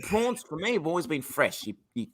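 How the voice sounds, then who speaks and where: A young Australian man with an Australian accent, chatting casually on a podcast, rambling, excitable and swearing a lot. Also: fairly high pitch, brisk, husky. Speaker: podcast co-host. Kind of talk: casual chat.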